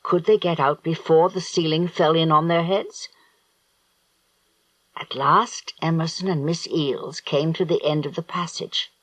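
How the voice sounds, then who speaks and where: Male audiobook narrator, slow deliberate telling, lively pitch, dry close sound. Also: dry recording, poor audio. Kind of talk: scripted narration.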